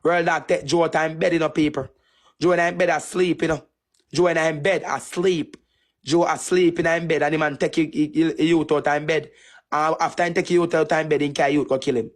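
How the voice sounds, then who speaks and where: A man's voice: a little high, steady tone, fairly quick. A man with a Jamaican Patois accent delivering a repetitive, taunting insult rant on a live stream. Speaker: TikTok streamer.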